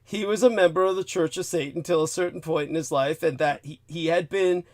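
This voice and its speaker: A man's voice: on the high side, steady tone, brisk. Rambling talk-show host man. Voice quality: rambling, many restarts. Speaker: podcast host. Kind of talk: casual chat.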